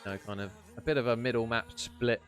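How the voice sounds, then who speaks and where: A young man casts a competitive shooter match live, calling kills and rounds in a middle-pitched, everyday voice. He keeps it chatty and jokey between rounds. Faint music plays underneath. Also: fairly even intonation, a little fast. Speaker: esports caster. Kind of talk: live esports play-by-play commentary.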